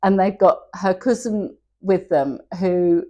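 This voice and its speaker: In an interview, a woman in her 60s tells her personal story candidly and with emotion, often laughing as she talks. Her voice is lowish and mellow, and she speaks at a slow pace.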